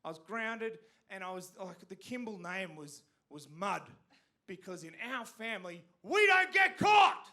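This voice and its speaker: An Australian man doing stand-up on a theatre stage, telling stories animatedly and punching up the big lines loudly. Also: sits high, moderate pace. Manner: animated storytelling with sudden loud punchlines. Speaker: stand-up comedian. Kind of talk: stand-up comedy set.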